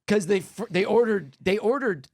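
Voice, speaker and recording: In a podcast studio, a comedian co-hosting a show tells stories in casual chat. He's animated and acts out the people he quotes with big jumps in pitch.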